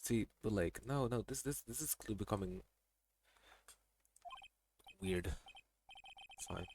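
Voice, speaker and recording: A man's voice: fairly low pitch, expressive, slow pace, darkish tone, a little hiss or hum. A man streaming a game, making casual commentary full of wry, joking asides. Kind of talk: casual let's-play commentary.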